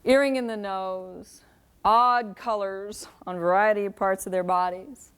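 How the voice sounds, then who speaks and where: A middle-aged woman giving a live parenting lecture, wry and lively, acting out quoted parents and kids. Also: medium pitch, a little slow, clear, resonant tone. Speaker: parenting speaker.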